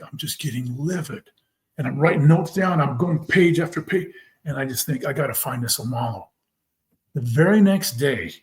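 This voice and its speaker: A man telling his own story as a podcast guest, emphatic and animated, acting out what others said. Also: medium pitch. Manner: animated, retells scenes by quoting people; emphatic, fervent. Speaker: podcast guest, former football player. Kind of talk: personal storytelling in a conversation.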